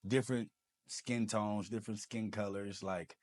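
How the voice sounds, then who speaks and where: A man's voice: fairly low pitch, a little slow. A man, a podcast guest telling his own story with lots of energy and acting out the people in it. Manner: animated, acts out quoted dialogue. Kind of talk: personal storytelling.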